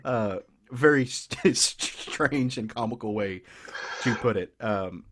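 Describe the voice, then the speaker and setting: A man's voice: medium pitch, slow pace, fairly bright tone, slight background noise. Enthusiastic Southern man retelling a comic. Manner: enthusiastic, rambling, many restarts. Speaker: podcast co-host. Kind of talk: casual chat, retelling a comic book.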